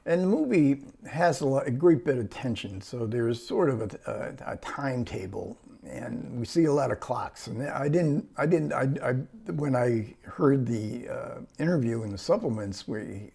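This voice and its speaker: A man's voice: medium pitch, creaky, dark tone, breathy edge. Hesitant man musing over a film. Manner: rambling, hesitant, many fillers and restarts; chuckles between phrases. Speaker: film reviewer. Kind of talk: casual spoken film review.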